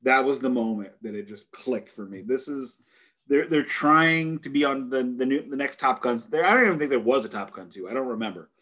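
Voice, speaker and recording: A man's voice: medium pitch, fairly quick. Emphatic American man, casual podcast chat. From United States. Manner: animated, emphatic, joking. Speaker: podcast co-host.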